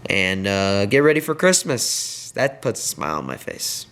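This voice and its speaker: A man's voice: lowish voice, big pitch swings, moderate pace, a bit bright, clear, resonant tone. A young man hosting his own sports video, rambling with many fillers through a frustrated post-game rant. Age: young adult. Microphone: headset.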